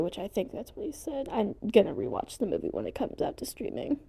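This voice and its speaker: A woman vlogging at home in a rambling, casual way, excitable and easily sidetracked, and she swears casually. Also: medium pitch, fairly quick, gravelly, hardly any pauses.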